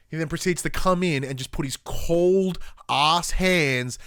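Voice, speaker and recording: A man's voice: on the high side, measured pace, fairly bright tone, clear, resonant tone, no room sound, clean studio sound. A tired man, co-hosting a podcast, telling stories animatedly and swearing freely in casual chat. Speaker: podcast co-host.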